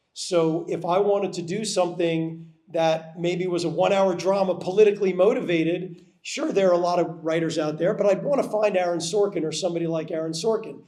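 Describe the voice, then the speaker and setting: Male producer on a panel, unusually high voice, relaxed and chatty, echoey hall. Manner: measured, conversational, many "you know" fillers. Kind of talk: festival panel talk. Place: festival venue. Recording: roomy hall sound.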